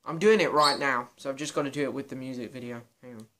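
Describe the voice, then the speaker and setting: A man's voice: mid-range voice, fast talker, sharp tone. Chatty young British man vlogging. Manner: chatty, self-mocking, reads out viewer questions. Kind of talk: casual Q and A chat.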